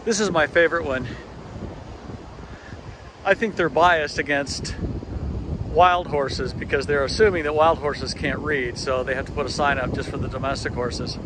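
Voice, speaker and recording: A man's voice: fairly high pitch, moderate pace, pauses often, background noise. A man talking casually to the camera from a deck outdoors, chatty and wry, with a self-mocking humor. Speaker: vlogger. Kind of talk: casual vlog narration.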